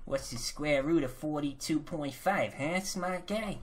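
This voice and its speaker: A man's voice: fairly high pitch, unhurried. Male game host, goofy rambling commentary, crude jokes, with faint background hiss. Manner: goofy, rambling, profane, improvised rhymes. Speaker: let's play host. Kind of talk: gameplay commentary.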